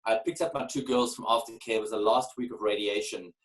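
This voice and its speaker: A man in his forties telling a candid personal story as a podcast guest, earnest and animated, often repeating words as he starts a phrase. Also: on the low side, quick pace, poor audio. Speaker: guest, keynote speaker.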